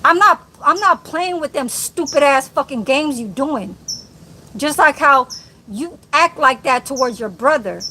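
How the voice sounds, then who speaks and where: High-voiced woman ranting on a live stream. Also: animated, a little slow, bright, forceful tone, slight background noise. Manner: profane, combative, addresses viewer directly. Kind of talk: angry live-stream rant.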